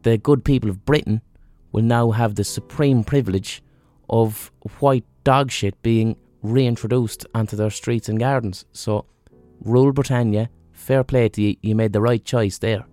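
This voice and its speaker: A man's voice: medium pitch, fairly even intonation, a little slow, dark tone, no room sound, soft background music. A man hosting a podcast, talking off the cuff in a blunt, sweary, rambling way while sick with a fever. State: feverish, unwell. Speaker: podcast host. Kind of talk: casual solo monologue.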